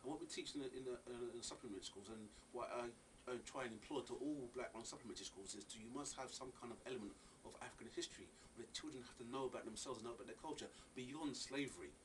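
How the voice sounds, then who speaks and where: A man who volunteers at a Saturday school as a parent answers interview questions in a medium-pitched voice, talking very fast with few pauses. He sounds earnest and animated, restarting his sentences often. The mic is distant, picking up faint ambient noise.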